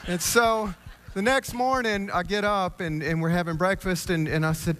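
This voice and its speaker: A man giving a personal storytelling talk on stage, rambling and halting, with self-deprecating humor. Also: fairly high pitch, lively intonation, fairly bright tone, a little hiss or hum. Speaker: conference speaker. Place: on stage before an audience.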